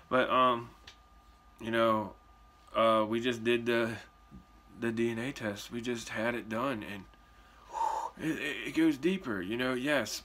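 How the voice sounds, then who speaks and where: A man in his forties talking casually in a response video, animated and chatty with drawn-out emphasis. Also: medium pitch. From Puerto Rican heritage. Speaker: vlogger. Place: indoors at home.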